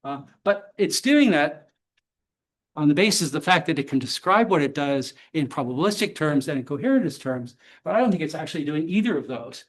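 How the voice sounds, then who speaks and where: A man giving a university lecture and answering audience questions, measured and academic with occasional blunt dry humor. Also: fairly high pitch, animated. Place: lecture hall.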